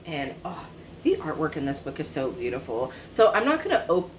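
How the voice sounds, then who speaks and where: A low, sing-song voice belongs to a twenty-something book vlogger who chats loosely about books she has read, full of fillers and self-corrections. She speaks at a moderate pace, with slight background noise.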